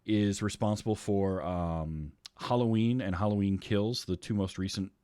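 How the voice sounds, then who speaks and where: Low-voiced man rambling about movies. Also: fairly even intonation, moderate pace, warm tone, clear, resonant tone, no echo, clean studio sound. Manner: rambling, fills with ums, acts out scenes. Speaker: podcast host. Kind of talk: casual movie chat.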